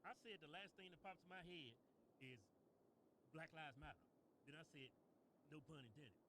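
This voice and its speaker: A man co-hosting a casual comedy show, trading crude wisecracks and laughing loudly. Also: fairly high pitch, lively intonation, normal speed, noisy background. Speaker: co-host.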